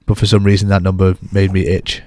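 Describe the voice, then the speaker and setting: A man's voice: deep voice, monotone, fairly quick, warm tone, no room sound, clean studio sound. A man co-hosting a podcast, chatting casually in a bantering, self-deprecating way. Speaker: podcast co-host.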